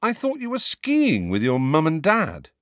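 A man's voice: on the high side, wildly swooping pitch, measured pace, no room sound, studio quality, pitched above the performer's own voice. A man voicing a sullen, touchy teenage boy who answers stiffly and defensively.

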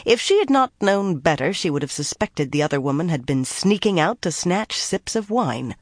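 An audiobook narrator reading a fantasy novel in a measured, even storytelling manner. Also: mid-range voice, no echo, clean studio sound. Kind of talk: scripted narration.

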